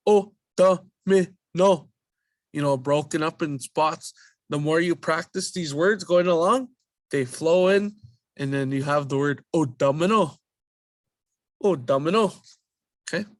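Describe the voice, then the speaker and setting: A man teaching a language lesson, drilling vowel sounds slowly and repeating each word patiently. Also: on the high side, no room sound, clean studio sound. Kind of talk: slow spoken language lesson.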